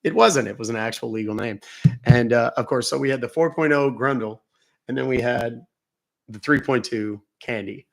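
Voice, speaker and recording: Gravelly joking male livestream host. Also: medium pitch, moderate pace, fairly bright tone. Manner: joking storyteller, laughs at his own jokes. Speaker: livestream host calling scammers. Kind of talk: casual live-stream chat.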